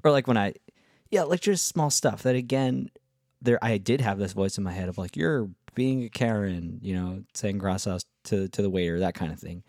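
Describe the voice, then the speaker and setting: Rambling low-voiced man telling a story. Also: a little fast, darkish tone, no echo, clean studio sound. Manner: rambling, filler-heavy, swears freely. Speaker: travel vlogger. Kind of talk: casual storytelling.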